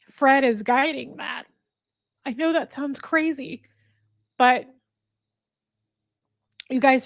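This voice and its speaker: A woman hosting a livestream, talking candidly and earnestly to her viewers, halting and restarting her sentences. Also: fairly high pitch, gravelly, no echo, clean studio sound. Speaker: livestream host. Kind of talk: candid emotional talk to viewers. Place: indoor room with a fire.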